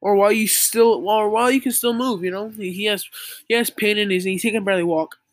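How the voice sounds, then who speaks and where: A young believer gives religious advice straight to camera in a casual, preachy monologue, earnestly lecturing the listener and saying "like" a lot. The voice is medium-pitched and steady, the delivery fast, and there's no room sound.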